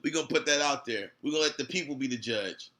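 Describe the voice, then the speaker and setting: Guy with a bright, sharp voice, swearing and repeating himself while ranting on stream. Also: medium pitch, fast. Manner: profane, confrontational, repeats himself. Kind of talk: heated livestream rant.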